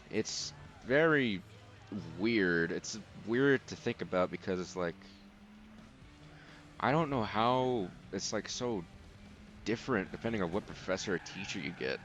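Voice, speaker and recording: A young man casually commenting on a racing game as he plays, rambling and relaxed with lots of filler words. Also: fairly low pitch, unhurried, muffled recording, a little hiss or hum. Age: young adult. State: sleepy, yawning. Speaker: let's play host.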